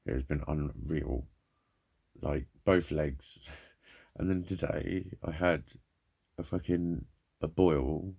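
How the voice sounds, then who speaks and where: Low creaky man, ranting. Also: a little mellow. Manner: rambling, heavily swearing, frustrated. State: in pain. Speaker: vlogger. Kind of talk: candid personal monologue.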